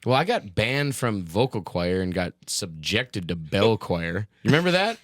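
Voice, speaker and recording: A man's voice: on the low side, sing-song, normal speed, no room sound, studio quality. A man co-hosting a podcast in casual chat, joking, laughing often and slipping into silly voices. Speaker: podcast co-host.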